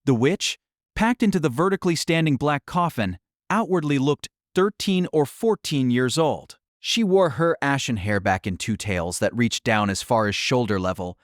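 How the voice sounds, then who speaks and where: Expressive male audiobook narrator. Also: mid-range voice, moderate pace, no room sound, clean studio sound. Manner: dramatic, expressive storytelling.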